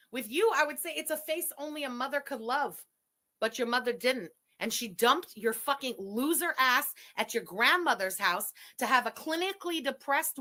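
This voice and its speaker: Woman, angry profane rant, high and bright. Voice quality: profane, cutting insults. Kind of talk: angry ranting clip.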